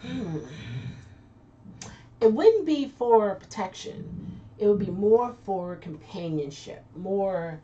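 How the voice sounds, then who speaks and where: She's a woman hosting a relaxed live chat, going through viewer comments with frequent laughter and half-finished restarts. Her medium-pitched voice is animated yet dark in tone, moving at a slow pace. Faint noise comes through her distant lo-fi microphone.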